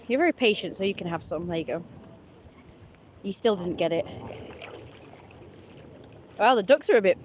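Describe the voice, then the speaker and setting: A woman's voice: medium pitch, animated, normal speed, long pauses. A young woman chatting casually in a vlog outdoors by a pond, giggly and talking to the ducks. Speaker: vlogger.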